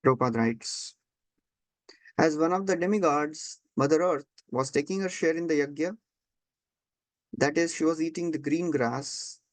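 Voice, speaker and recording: A man's voice: on the high side, no room sound. A man teaching a scripture class, retelling a story and acting out the voices.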